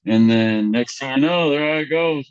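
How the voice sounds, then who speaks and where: A young man on a podcast telling embarrassing stories in a loose, chatty way, acting out the voices of other people with big jumps in pitch and filling his talk with "like" and "you know". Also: moderate pace, highs cut off, a crowd in the background. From Mexican heritage. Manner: animated, acts out quotes with big voice jumps, lots of fillers. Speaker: podcast guest. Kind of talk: casual storytelling chat.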